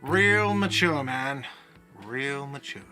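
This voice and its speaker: A man's voice: medium pitch, slow pace, music in the background, lightly acted. A man voicing a whiny, grumpy male cafeteria manager who answers in a curt, defensive way.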